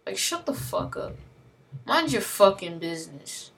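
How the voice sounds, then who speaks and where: A woman's voice: mid-range voice, big pitch swings, unhurried, creaky. A woman in an angry, heavily profane rant, talking with slang and repeating herself as she vents. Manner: heated, profane, slangy, repetitive. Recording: voice from a distance.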